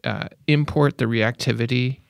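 A man chatting on a tech podcast panel with a strongly gravelly, creaky voice. The recording is dry and close, with no room sound. He thinks out loud and hedges as he explains. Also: medium pitch, fairly even intonation, normal speed, dry recording. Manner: thoughtful, hedging with "like". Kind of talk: casual tech chat.

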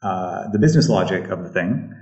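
A man's voice: sits low, lively intonation, a little fast, darkish tone. A man speaking as a podcast panel guest, hesitant and full of fillers. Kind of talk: casual panel chat. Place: home room. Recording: distant, roomy, dull remote audio.

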